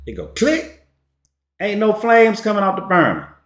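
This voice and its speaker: A man's voice: high voice, big pitch swings, brisk, a bit bright. A man giving a casual storytelling monologue as a relationship commentator, slangy and emphatic. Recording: echoey room.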